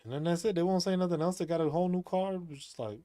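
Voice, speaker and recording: Man streamer, rambling casual chat, slightly high voice, dry close sound. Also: very fast, warm tone, dry recording. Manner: rambling, laughs often, repeats himself. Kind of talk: casual monologue.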